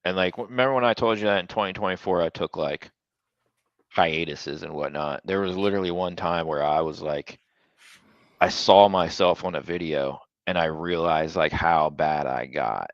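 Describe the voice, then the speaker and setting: A young man co-hosting a podcast, chatting casually and telling stories with animated asides that mimic other people. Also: low-pitched, normal speed, no room sound, muffled recording. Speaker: podcast co-host. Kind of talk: casual chat.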